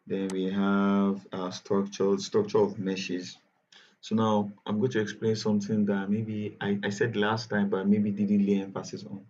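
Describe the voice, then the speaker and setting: Nigerian male instructor, low mellow voice, casual and repetitive, dull online-call audio. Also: monotone, unhurried. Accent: Nigerian English. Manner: chatty, repetitive, self-correcting. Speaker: bootcamp instructor. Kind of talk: live online tutorial.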